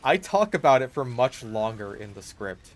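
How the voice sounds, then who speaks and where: Very animated and mid-range in voice, a man voices over gameplay in an exasperated rant, swearing heavily. He keeps breaking off and starting again with "like," a gaming YouTuber in full flow.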